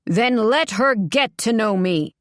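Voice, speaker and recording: A woman's voice: a little high, lively intonation, slow, no echo, clean studio sound, pitched above the performer's own voice. A woman narrator voicing a domineering older father who taunts his daughters in a smug, offhand way. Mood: taunting.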